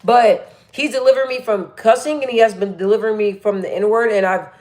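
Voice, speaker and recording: A woman's voice: mid-range voice, brisk, darkish tone. A young woman chatting casually on a livestream, reading viewer comments aloud and laughing often. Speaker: livestream host.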